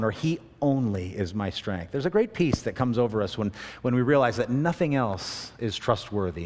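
A man preaching a sermon in a relaxed, conversational way, mixing scripture with self-deprecating stories. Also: medium pitch, long reverb tail. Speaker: pastor.

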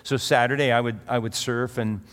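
A man's voice: medium pitch, fairly even intonation, brisk, a bit bright. Middle-aged male pastor, mid-range voice, conversational sermon with a long hall reverb. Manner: conversational, restarts and asides. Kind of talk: sermon with personal anecdote.

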